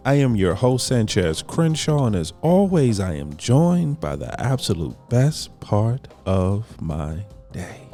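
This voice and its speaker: A man hosting a podcast, putting on an exaggerated smooth radio announcer voice in playful banter. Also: on the low side, very animated, slow pace, hardly any pauses, mellow, soft background music. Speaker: podcast host.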